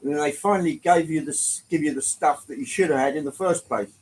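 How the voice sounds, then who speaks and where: Man, English accent, bit of London, live-stream host, casual and chatty, mild swearing, slightly higher voice. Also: fast, darkish tone, rough recording. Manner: chatty, greets viewers by name, swears lightly, laughs often. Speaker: livestream host.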